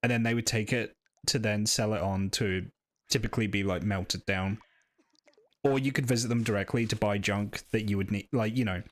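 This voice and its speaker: A man giving casual game commentary, rambling and hesitant with a wry edge. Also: fairly low pitch. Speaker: streamer.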